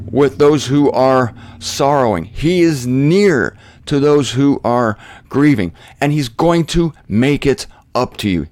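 An older man preaching a sermon, emotional and rambling, often restarting his sentences and swinging his pitch up and down. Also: darkish tone, no echo. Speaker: pastor.

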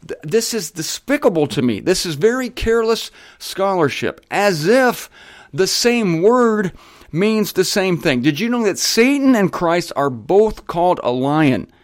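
A man's voice: high-pitched, sing-song, a little slow, dry recording, studio quality. A man hosting a show, teaching the Bible in an emphatic, conversational way that wanders into side remarks and talks straight to his listeners. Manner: spells words out letter by letter.

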